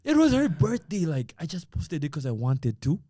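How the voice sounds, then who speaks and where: A young man from Uganda talks in a casual podcast chat. His voice sits a little high and sounds dry and close to the mic. He tells his stories with animation and keeps acting out what he said. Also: moderate pace, no room sound. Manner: animated storytelling, quotes himself often. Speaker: podcast guest. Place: podcast room.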